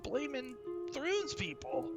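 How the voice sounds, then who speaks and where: A man playing a gravelly, rambling junkie dog. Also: extremely high pitch, huge pitch swings, slow pace, over loud music, pitched above the performer's own voice, full character voice. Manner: rambling, slangy, defensive. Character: twitchy drug-addled male street dog. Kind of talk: in-character role-play.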